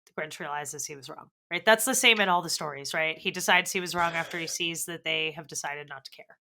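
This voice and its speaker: A woman's voice: low voice, fairly quick, gravelly, sharp tone, a little hiss or hum. A woman co-hosting a podcast, chatting casually and animatedly about films, swearing and acting out characters' lines. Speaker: podcast co-host. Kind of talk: casual film review chat.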